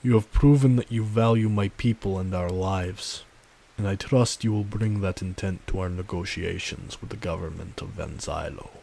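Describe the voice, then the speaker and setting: A man's voice: sits low, moderate pace, creaky, a little mellow. A man voicing a formal, guarded young male clan leader with a thick accent. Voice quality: thick foreign-sounding accent.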